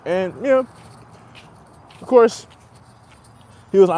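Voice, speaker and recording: A young man hosts a podcast, talking casually and at length in a laid-back, slangy monologue and laughing often as he goes. His voice is high-pitched, sing-song, mellow and a little slow.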